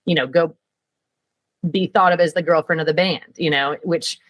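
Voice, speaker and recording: A woman, a guest telling lively stories about her work in a casual interview, with lots of fillers. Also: low voice, normal speed, no echo, low-quality recording. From Georgia, US. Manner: lively, animated, many fillers. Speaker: guest, production director.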